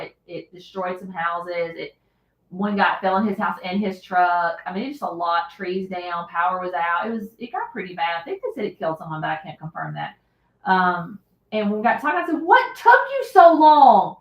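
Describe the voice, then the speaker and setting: A middle-aged woman, hosting a casual livestream and retelling a story in an animated, dramatic way. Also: medium pitch. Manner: animated, dramatic retelling with loud acted shouts. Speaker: livestream host. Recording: echoey room.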